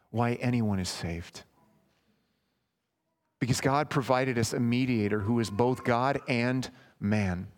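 A man preaching a sermon in an earnest, emphatic way, speaking directly to his listeners as friends. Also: medium pitch.

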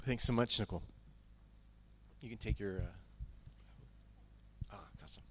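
A man's voice: on the low side, moderate pace, a bit bright, slight background noise. A man preaching a sermon as pastor, earnest and emphatic, who repeats key phrases.

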